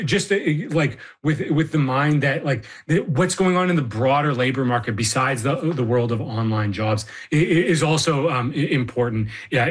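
A man's voice: a little high, slightly rough. A man with a slightly raised voice speaks as a radio panel guest. He stumbles and restarts words often as he works through the point. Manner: halting, repeated stammering restarts. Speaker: labor market panel guest.

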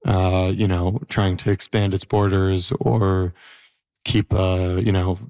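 A man in his thirties with a lowish voice speaks as an interview guest. He is reflective and halting, with plenty of fillers. The sound is dry and close, with almost no room around it. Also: level tone, a little mellow, no room sound. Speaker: interview guest, former prisoner. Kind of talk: conversational interview.

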